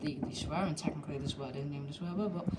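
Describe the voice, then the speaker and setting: Young woman, slightly low voice, casual rambling chat, cheeky, living room, noisy camera audio with clicks. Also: rapid-fire. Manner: chatty, rambling, cheeky, many fillers. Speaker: channel host. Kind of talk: casual live commentary. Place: indoor living room by a window. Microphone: handheld camera.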